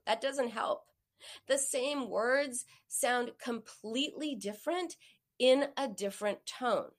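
A woman's voice: sits high, measured pace. A woman giving a coaching talk to an audience, acting out the quoted voices. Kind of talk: motivational talk on binge eating.

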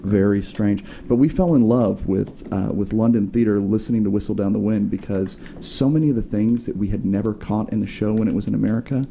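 A man co-hosting a radio talk show in the studio. He talks fast and lively in a mellow, dark tone, with faint noise under the voice. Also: lowish voice, vocal fry. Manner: talkative, quick, animated storyteller. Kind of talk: casual studio chat.

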